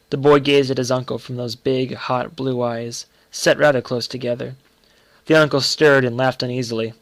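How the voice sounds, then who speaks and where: A man reading a short story aloud in a measured storytelling manner. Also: medium pitch, fairly even intonation, dry recording. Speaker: reader.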